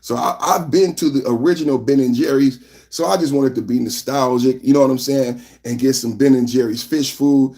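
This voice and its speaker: A man from San Francisco hosting a live political podcast, talking loudly and animatedly as he reads out the chat. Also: medium pitch, normal speed. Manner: loud and animated, reading chat aloud. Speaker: podcast host. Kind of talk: live-stream political commentary.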